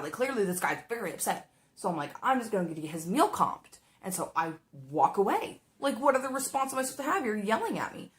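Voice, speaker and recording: A woman's voice: medium pitch, sing-song, brisk, fairly bright tone. A woman telling a work story while doing her makeup, chatty and exasperated, acting out the dialogue. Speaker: makeup vlogger.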